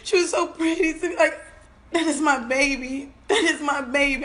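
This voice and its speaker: A bereaved mother giving an emotional personal account, tearful and halting, often repeating her words and trailing off. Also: sits high, a bit bright. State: tearful, on the verge of crying.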